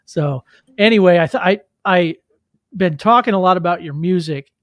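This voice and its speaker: A man's voice: high voice, moderate pace, a bit bright. A man hosting a casual music interview, speaking in a slightly raised voice. The room around him is dry and close, with little echo. He reacts eagerly and keeps dropping in "man". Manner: enthusiastic reactions, says "man" often. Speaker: podcast host.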